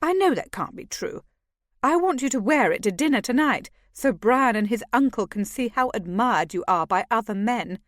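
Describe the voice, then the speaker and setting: A high, fretful noble mother who frets and shrieks at her daughter, as a woman reader puts her on. Her voice climbs sharply and pushes loud, with a dry, close sound in this storybook reading. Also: lively intonation, normal speed, no room sound, lightly acted. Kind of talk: audiobook character voice.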